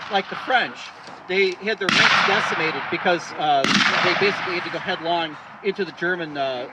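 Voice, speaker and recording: A man giving a rambling outdoor history talk at a re-enactment, with many fillers and restarts. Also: high voice. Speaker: re-enactment presenter. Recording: distant outdoor recording with loud background noise.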